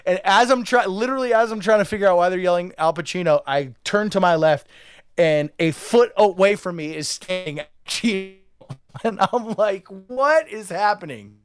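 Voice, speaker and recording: A man's voice: high-pitched, moderate pace, clear, resonant tone. A man co-hosting a podcast, telling a rambling story with lots of filler words and acted-out quotes. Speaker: podcast co-host. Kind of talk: casual storytelling.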